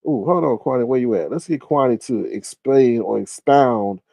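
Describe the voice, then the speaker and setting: A man's voice: medium pitch, normal speed, gravelly, warm tone, no room sound. A man hosting a casual livestream, chatting animatedly and reading viewer comments aloud. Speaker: livestream host. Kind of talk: casual live-stream commentary.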